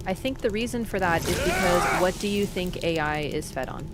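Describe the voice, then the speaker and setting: Over game music in a very noisy recording, a woman with a lowish, expressive voice streams gameplay at a moderate pace. She chats opinionatedly straight to her viewers, reads chat, and suddenly yelps loudly at on-screen events.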